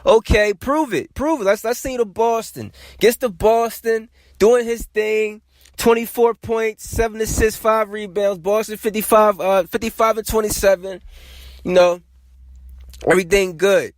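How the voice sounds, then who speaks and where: A man hosting a sports podcast, talking in a casual, animated and emphatic way, often repeating himself. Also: high voice, moderate pace, no echo. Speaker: podcast host.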